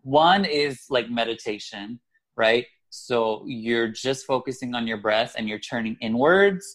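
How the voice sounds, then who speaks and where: Male co-host, mid-pitched, relaxed chat, reflective and chatty, quick to laugh at himself. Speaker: podcast co-host. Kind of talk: casual podcast chat.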